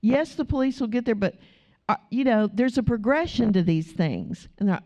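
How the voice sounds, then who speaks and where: A woman's voice: a little high, moderate pace, dull audio. A woman pastor preaching a sermon, telling stories and acting out the people in them. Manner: animated storytelling, acting out quotes.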